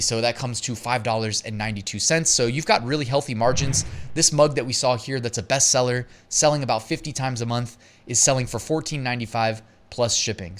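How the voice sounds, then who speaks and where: A man's voice: medium pitch, fairly bright tone. A man hosting a casual online business tutorial, chatty and upbeat, laughing easily as he talks. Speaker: host.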